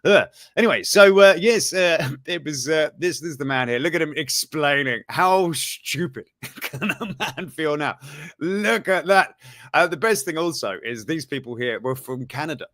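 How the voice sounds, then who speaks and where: A man's voice: a little high, expressive, normal speed, a bit bright, dry recording, studio quality. A man hosting a casual live-stream news chat, rambling and cheeky, full of fillers and self-mocking asides.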